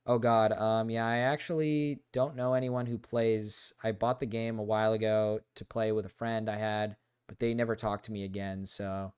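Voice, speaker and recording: A man's voice: lowish voice, little pitch movement, moderate pace, few pauses, smooth. Male streamer, casual reaction commentary, reads text aloud, incredulous asides. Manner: reads quotes aloud, interrupts with incredulous remarks, bursts of loud laughter.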